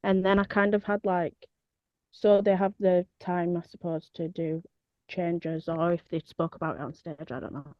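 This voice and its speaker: A woman's voice: lowish voice, flat delivery, normal speed, no room sound. A British woman chatting on a fan podcast, hesitant and trailing off as she speaks. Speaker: podcast co-host. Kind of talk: casual chat. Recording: dry, muffled lo-fi audio.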